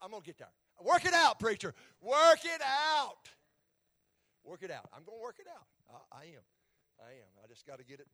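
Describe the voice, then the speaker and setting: A man preaches a sermon in a fairly high voice. He swings between loud, rising exhortation and quiet asides, and he repeats phrases as he works toward his point. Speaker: pastor.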